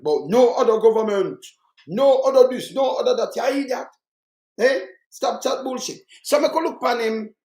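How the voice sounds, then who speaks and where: A man's voice: extremely high pitch, animated, moderate pace, darkish tone, roomy sound. A Jamaican man giving heated political commentary, fiery and mocking, repeating himself for emphasis.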